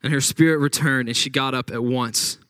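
A man's voice: mid-range voice, fairly even intonation, moderate pace, a bit bright, dry recording. A man preaching a sermon, reading scripture aloud and retelling the story with dramatic acted-out quotes. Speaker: pastor.

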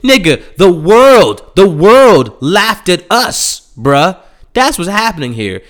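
Heated, profane podcast host, smooth voice. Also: male voice, mid-range voice. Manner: profane, heated, swings into loud mocking impressions. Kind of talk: solo podcast rant.

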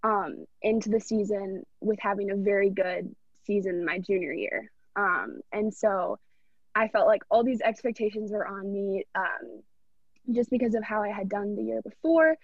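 Young adult woman, podcast guest, mid-pitched voice, earnest and rambling as she shares a story, muffled dry sound. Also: normal speed, no room sound. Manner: earnest, rambling, heartfelt retelling. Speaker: podcast guest, college athlete. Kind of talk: casual personal storytelling. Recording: dull, dry lo-fi recording.

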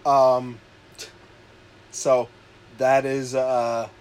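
A man casually telling a rowdy story with lots of swearing, shouting out the lines he quotes. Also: mid-range voice, very slow, clear, resonant tone. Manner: animated, swearing, loud acted-out quotes. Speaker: podcast co-host telling a story.

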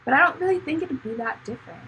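A young woman in her twenties co-hosting a podcast, chatting casually in a quick, reassuring, matter-of-fact way. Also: sits high, lively intonation, bright, forceful tone, slight background noise, low-quality recording. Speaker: podcast co-host. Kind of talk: casual chat.

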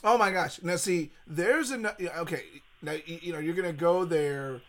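A middle-aged man co-hosting a podcast in casual chat, excitable and rambling with many restarts. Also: a little high, moderate pace, noisy background. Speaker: podcast co-host.

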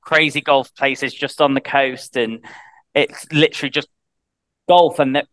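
A man's voice: mid-range voice, steady tone, a little slow, fairly bright tone, no echo. A British man chatting as a guest on a podcast, talking loosely with many restarts and fillers. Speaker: guest, head of sales. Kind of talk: casual podcast interview.

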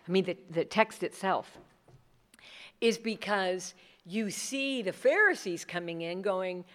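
A middle-aged woman leading a workshop session, talking in a conversational, animated way and acting out other people's words. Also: medium pitch. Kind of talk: conference talk.

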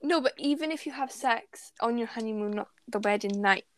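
A woman's voice: a little high, brisk, no room sound. A woman in casual podcast chat, giving frank, blunt advice.

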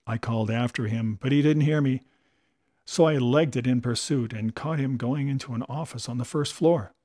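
A man's voice: normal speed, dry recording, studio quality. A man reading a comic first-person story aloud in a breezy, chatty way. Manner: breezy and chatty, with lively jumps in pitch.

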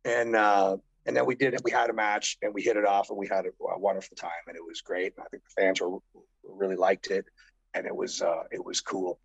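A man's voice: sits low, flat delivery, a little fast, creaky, slightly rough, no echo, highs cut off. A middle-aged man, a former pro wrestler, rambling through profane stories in a casual interview and acting out the voices of people he quotes.

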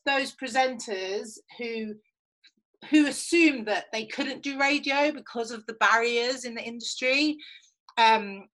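A woman's voice: on the high side, fairly bright tone, poor audio. A young woman who works as a radio producer and presenter, answering interview questions in a chatty, upbeat way with lots of fillers.

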